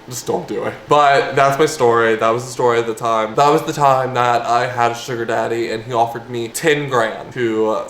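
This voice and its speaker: Young male vlogger, animated storyteller, in an echoey room with faint background hum. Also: mid-range voice. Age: young adult. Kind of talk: storytime vlog.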